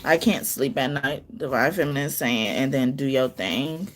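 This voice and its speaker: A woman's voice: a bass voice, normal speed. A woman giving a live-stream tarot reading, talking in a loose, rambling way with many restarts and laughing between sentences. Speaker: tarot card reader.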